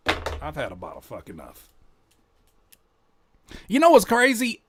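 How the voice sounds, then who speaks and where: A man's voice: high voice, wildly swooping pitch, a little slow, pauses often, fairly bright tone, husky. A man hosting a reaction video, joking, cursing in slang and rereading lines aloud. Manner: profane slang. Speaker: reaction host. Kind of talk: casual reaction commentary.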